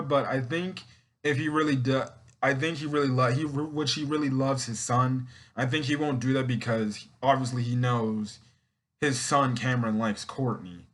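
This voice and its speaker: A man talking casually through a TV episode recap in a loose, rambling way. He restarts sentences, corrects himself and slips into quick acted-out quotes from the characters. His voice sits at an ordinary middle pitch. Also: a bit bright. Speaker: TV episode reviewer.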